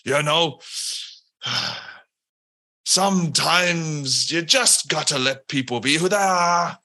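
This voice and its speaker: A man's voice: fairly high pitch, slow, sharp tone, voice pushed up, exaggerated voice. A man doing a hearty cheerful dwarf. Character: very cheerful green-bearded male dwarf florist.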